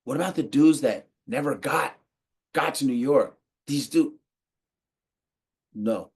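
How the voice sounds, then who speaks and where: An American man giving a casual, slangy monologue to the camera, animated and quick to laugh. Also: medium pitch, husky. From United States. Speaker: podcast host.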